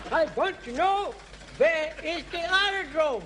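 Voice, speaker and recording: A real high jumpy old soldier, all over the place, flustered and eager, hissy old tv sound. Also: male voice, animated, measured pace, a crowd in the background. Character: flustered elderly male soldier, eager and muddled. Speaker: home guard volunteer. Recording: noisy old television audio.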